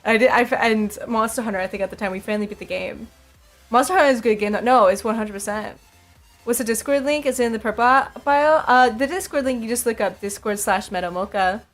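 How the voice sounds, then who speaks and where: A woman's voice: a little high, fast talker, soft background music. A young woman streaming, chatting casually with her viewers, laughing often and repeating herself.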